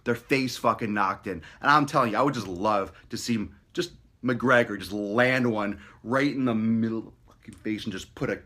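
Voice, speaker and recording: Male fitness vlogger, loud profane hype man, punchy tense tone. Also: on the low side, normal speed. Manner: profane, mocking, hyped-up. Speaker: fitness vlog host. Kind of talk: brash motivational rant.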